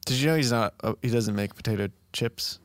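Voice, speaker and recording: A man co-hosting a podcast in casual chat, dry and nitpicking, quick with jokes. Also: mid-range voice, clean tone, no room sound. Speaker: podcast co-host.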